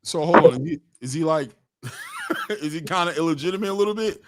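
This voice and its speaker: A man's voice: a little high, wildly swooping pitch, brisk, background noise. A man hosting a casual interview, playful and teasing, asking direct questions. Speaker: host.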